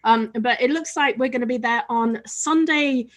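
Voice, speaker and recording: A woman co-hosting a relaxed chat show with a bright, high voice. She talks in a bubbly, chatty way, often restarting her sentences as she goes. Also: moderate pace. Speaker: podcast co-host. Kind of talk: casual chat.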